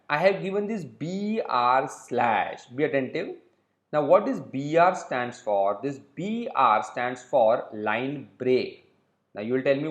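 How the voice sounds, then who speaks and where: Animated lecturing man in an echoey room. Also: medium pitch. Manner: explains slowly, repeats points and checks in with "okay?". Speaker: web development instructor. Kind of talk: recorded coding lecture.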